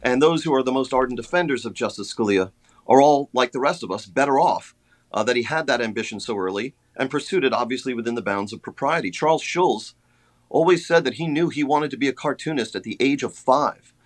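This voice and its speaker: A man being interviewed on a radio show as an author, speaking in a measured way with many hesitations and fillers. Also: mid-range voice, lively intonation. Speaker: author guest.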